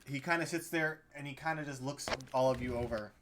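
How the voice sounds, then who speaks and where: A man's voice: medium pitch, a little fast, noisy background. A man narrating as game master, casual and loose, with lots of fillers and restarts as he recaps and sets scenes. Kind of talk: narrating a tabletop game over a call.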